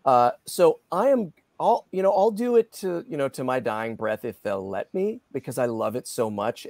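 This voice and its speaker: A middle-aged man, a guest voice actor, chatting in an interview in a lively, self-deprecating way with many restarts. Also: on the low side, vocal fry, no room sound. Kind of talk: casual interview chat.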